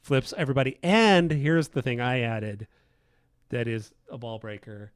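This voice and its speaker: This male lead game designer is chatting casually on a livestream, enthusiastic and rambling, with many fillers and frequent restarts. His medium-pitched voice has lively intonation and a clean tone at a moderate pace. The sound is dry and studio-clean.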